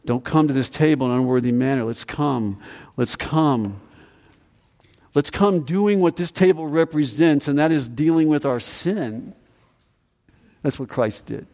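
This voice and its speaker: Emphatic pastor preaching with hall reverb. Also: male voice, a little high, normal speed, mellow. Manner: emphatic, repeats phrases, asks the congregation questions. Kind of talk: sermon. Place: church sanctuary.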